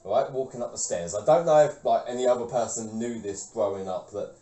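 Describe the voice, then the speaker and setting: A man's voice: lowish voice, expressive, fairly quick, warm tone, recorded from a distance, soft background music. A man co-hosting a casual podcast, telling stories with lots of swearing and laughter. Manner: swears often, laughs through his stories. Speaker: podcast co-host. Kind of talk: casual chat. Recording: echoey room, voice off-mic.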